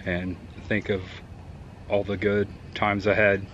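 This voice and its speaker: A young man with a fairly low voice speaks earnestly and from the heart. He is outdoors, with a faint hum of traffic and open air behind him. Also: flat delivery, slow pace, a bit bright, muffled recording. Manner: earnest and heartfelt, then playful. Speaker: boyfriend. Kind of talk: casual chat. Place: outdoors in a garden.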